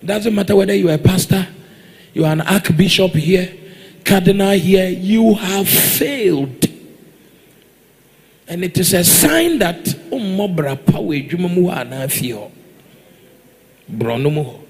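A man's voice: sits high, lively intonation, a little slow, pauses often, slightly rough. A man with a Ghanaian accent preaching a sermon in a church, exhorting the congregation and demanding they answer back. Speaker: pastor.

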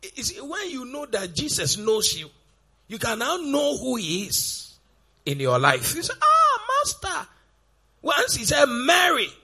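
A man preaching a sermon, firing off rhetorical questions in a gravelly, raspy voice. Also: very high voice, sing-song, unhurried, bright, forceful tone.

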